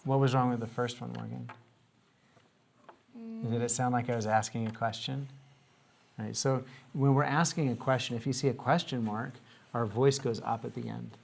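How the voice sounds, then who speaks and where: A man's voice: mid-range voice, steady tone, normal speed, vocal fry, pauses often, a little hiss or hum. A man teaching a grammar lesson to young students, patiently asking questions and coaxing answers.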